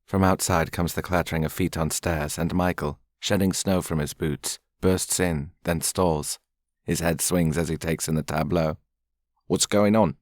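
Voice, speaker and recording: Deep-voiced man narrating a romance audiobook. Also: fairly even intonation, moderate pace, no echo, clean studio sound. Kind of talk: scripted narration.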